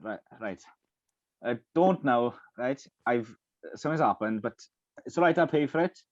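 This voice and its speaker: A man's voice: medium pitch, expressive, normal speed, dry recording, muffled recording. A man co-hosting a podcast, telling a story in casual chat, stumbling over his words, repeating himself and laughing often. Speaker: podcast co-host.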